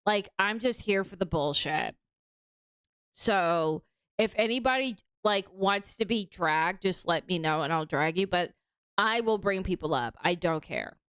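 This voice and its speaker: A woman's voice: fairly low pitch, lively intonation, unhurried, fairly bright tone, clean tone, no room sound. A young woman streaming casual reaction commentary, talking in a chatty, mocking way with lots of fillers.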